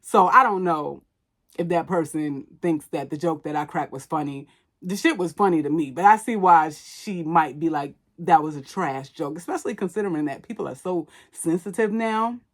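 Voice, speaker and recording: A woman hosting a podcast, giving blunt, casual commentary full of "like" and swearing. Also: low-pitched. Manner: chatty, blunt and profane, with many "like" fillers. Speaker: podcast host reviewing a movie.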